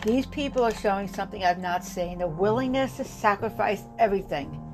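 A woman's voice: mid-range voice, lively intonation, a little fast, over music. A woman delivering an impassioned political monologue, emphatic and rousing, repeating lines for effect and dropping to a grave tone for warnings.

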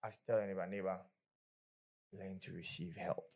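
A man's voice: low voice, fairly even intonation, a little fast, a little mellow, slightly rough. A man preaching a conversational sermon as pastor, often acting out the people he quotes.

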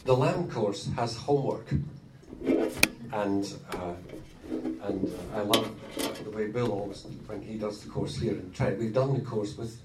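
Good-humoured man in an echoey hall. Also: lowish voice. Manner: good-humoured, laughing, halting. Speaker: marriage course co-leader. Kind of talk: informal talk to a group of couples. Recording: roomy hall, distant mic, faint noise.

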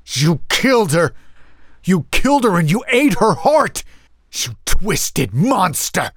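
A man playing a furious, shouting younger brother. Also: animated, very slow, dry recording, studio quality, heavily acted. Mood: enraged. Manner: shouting in rage, voice breaking high.

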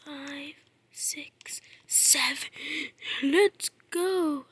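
A woman doing gameplay commentary, muttering to herself and then shouting in frustration, swearing at the game. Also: sits high, takes it slowly, dry recording. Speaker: gamer.

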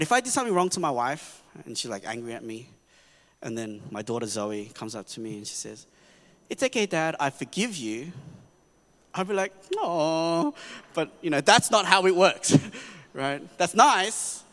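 A pastor giving a sermon in an earnest, conversational way, often checking in with the congregation. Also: male voice, on the high side, fairly bright tone. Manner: earnest, conversational preaching with frequent "right?" asides. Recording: long reverb of a church hall.

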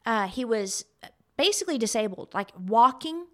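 A middle-aged woman co-hosts a casual talk show with a slightly high voice. She tells stories in an animated way and laughs often. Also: normal speed. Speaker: podcast co-host. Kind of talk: casual chat.

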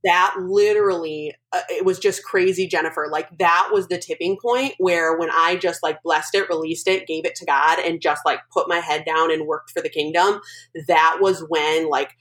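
A woman with a fairly low voice tells a personal story as a podcast guest, animated and emotional, rising into other voices as she acts out moments. She talks casually, in the flow of an interview. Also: normal speed, poor audio.

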